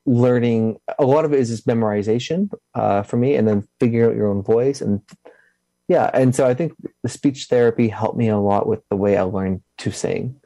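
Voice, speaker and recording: A young man, a musician answering interview questions in a halting way, with restarts and a slight lisp. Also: medium pitch, dark tone, dry recording. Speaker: musician guest.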